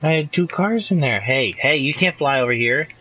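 A man's voice: a little high, expressive, moderate pace, husky, muffled recording. Frustrated young male gamer streaming. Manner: frustrated, swearing, laughing outbursts. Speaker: live streamer. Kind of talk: casual gameplay commentary.

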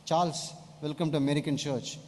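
A male preacher quoting an American pastor friend in a flat, resigned way, with long hall reverb. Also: on the high side, brisk, close to an everyday voice. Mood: matter-of-fact. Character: American male pastor, matter-of-fact about comfort.

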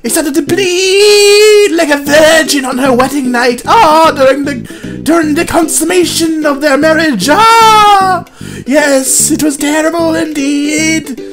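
A woman's voice: high voice, slow pace, voice pushed up. A woman playing a pompous, bumbling male horror storyteller who narrates a spooky story theatrically, with blustery outbursts. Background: plucked guitar music.

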